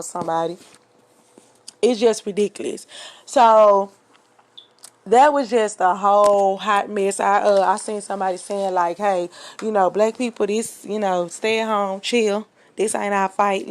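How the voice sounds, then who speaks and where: A woman in her thirties hosting a podcast, delivering an impassioned casual opinion monologue with frequent fillers. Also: medium pitch. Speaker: podcast host.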